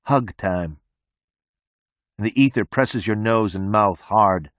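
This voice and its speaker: A man reading a novel aloud in the first person, with tense, measured narration on a close mic. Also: fairly low pitch, fairly bright tone, no room sound. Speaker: audiobook narrator.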